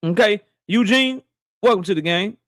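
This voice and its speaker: High-voiced man hosting a slangy live stream. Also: moderate pace, no room sound, clean studio sound. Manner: loose, slangy shout-outs to viewers. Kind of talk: casual live stream chat.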